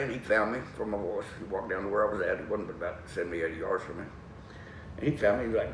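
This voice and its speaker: A man telling a folksy story, animated and laughing as he goes. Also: lowish voice, fast. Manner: lively, animated, laughs through his story. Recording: echoey room, distant mic, faint noise.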